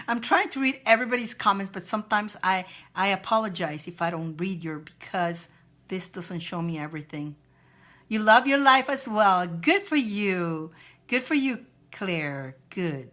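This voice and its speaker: Animated woman giving spiritual pep talk. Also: medium pitch. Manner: repetitive, encouraging, reads viewer comments aloud. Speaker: spiritual advice host. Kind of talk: live-stream motivational chat.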